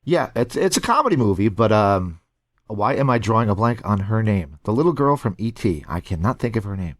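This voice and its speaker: A man hosting an interview in casual chat, a quiet and supportive listener. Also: lowish voice, very animated, a little fast, no echo, studio quality. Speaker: interview host.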